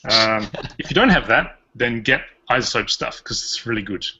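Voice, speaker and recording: A man's voice: medium pitch, expressive, moderate pace, pushed and bright, slightly rough. A man with an Australian accent hosting a podcast in casual, rambling, jokey chat. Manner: rambling, jokey, chuckles often. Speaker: podcast host. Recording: dull lo-fi podcast audio.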